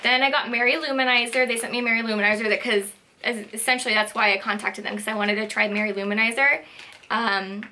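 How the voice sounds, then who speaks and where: A young woman beauty vlogger chatting casually through a makeup haul, gushing and excitable. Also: on the high side, fast talker, slight background noise. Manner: gushing, excitable, lots of "like" and "so cute". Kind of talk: casual product haul chat.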